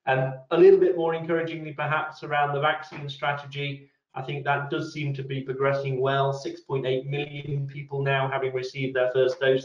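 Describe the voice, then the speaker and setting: A man giving a sober, measured update on a business webinar over a video call, with uhs and restarts. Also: medium pitch. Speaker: business lobby guest speaker. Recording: dull, echoey room sound on a video call.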